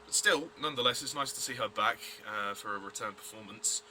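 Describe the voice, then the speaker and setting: Blunt, rambling man, bright voice. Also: on the low side, fairly quick, slight background noise. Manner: blunt, rambling, many fillers and restarts. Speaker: TV episode reviewer. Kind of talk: casual review vlog.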